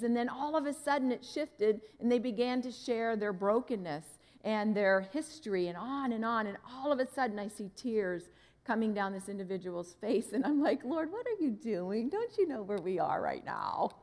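Animated woman pastor in a reverberant hall. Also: a little high. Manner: animated, acts out dialogue in her story. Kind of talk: sermon storytelling.

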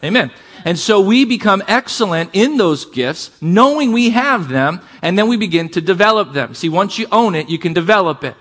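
A man preaching a sermon to a congregation, calling for amens and shifting between fast bursts and slow, quiet emphasis. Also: sits high. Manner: energetic preaching, calls for amens, varies pace and volume. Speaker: pastor.

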